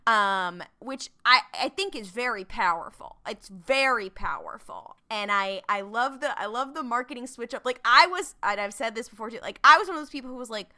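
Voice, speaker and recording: A woman's voice: fairly high pitch, pushed and bright, clean tone. A woman co-hosting a podcast, chatting casually and chiming in with enthusiasm. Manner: enthusiastic, quick to chime in. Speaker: podcast co-host. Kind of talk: casual chat.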